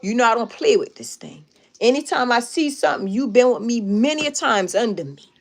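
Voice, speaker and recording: A woman live streaming, casually telling a story to her viewers in an emphatic, animated way with lots of repetition. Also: on the high side, a little fast.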